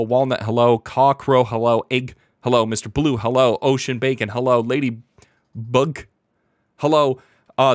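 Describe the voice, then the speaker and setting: With a medium-pitched voice captured in studio quality and free of echo, a streamer hosts a live reaction stream. He's hyper and playful, rambling along, frequently laughing, and reading chat names aloud.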